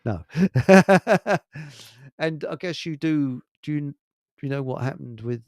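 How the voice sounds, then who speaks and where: A man's voice: on the high side, lively intonation, slow, darkish tone, no echo, studio quality. A man with a Hertfordshire accent chatting casually as host, rambling, chuckling often and trailing off mid-sentence. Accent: Hertfordshire English. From England. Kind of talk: casual chat.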